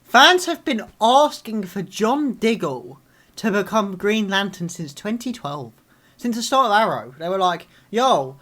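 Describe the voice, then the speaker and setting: A man's voice: high-pitched, pushed and bright. Angry man ranting. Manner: angry ranting with frequent swearing and outbursts. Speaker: reaction video host. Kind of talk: live reaction vlog.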